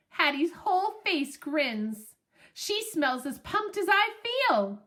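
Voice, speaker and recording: A woman reads a storybook aloud with a bright, high voice that swoops up and down. She takes her time, giving each line a playful, expressive lilt. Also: takes it slowly. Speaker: audiobook narrator. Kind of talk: storybook narration.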